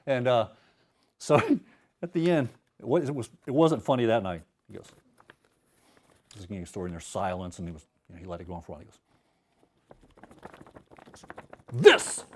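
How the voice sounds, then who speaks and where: A man's voice: fairly low pitch, steady tone, fast, long pauses, a little mellow. A man telling a casual, profane anecdote and reading his fiction aloud to an audience. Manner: casual, profane and self-mocking, laughs at his own stories.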